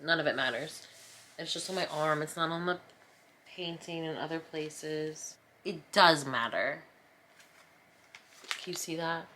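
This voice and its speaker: A woman's voice: sits low, measured pace, long pauses, sharp tone, a little hiss or hum. A woman in her thirties from New Jersey, chatting casually to her viewers as she paints, rambling, self-mocking and playfully dramatic. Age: 30s. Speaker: vlogger. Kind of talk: casual chat while painting. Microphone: camera mic.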